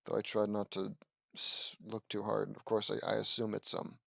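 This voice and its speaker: Reading a fan story aloud at normal speed, this man has a lowish, monotone voice with vocal fry and a fairly bright tone, and there's no echo. It's a casual read-aloud with commentary, with rambling asides in which he corrects himself.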